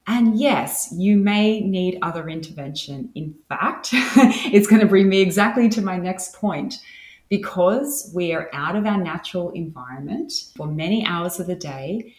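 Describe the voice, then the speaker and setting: A woman's voice: lowish voice, animated, a little slow. Laughing, enthusiastic woman podcast host. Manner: enthusiastic, laughs often between points. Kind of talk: solo wellness podcast talk. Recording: roomy echo.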